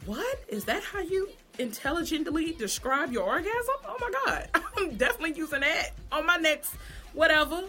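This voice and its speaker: A woman from Savannah, Georgia, recapping TV shows in a casual, profane and animated way. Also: high-pitched, normal speed. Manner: profane, animated, acts out characters. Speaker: TV recap vlogger.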